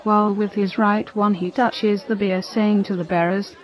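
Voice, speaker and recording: A woman's voice: mid-range voice, flat delivery, normal speed, poor audio. Woman reading a religious story. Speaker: narrator.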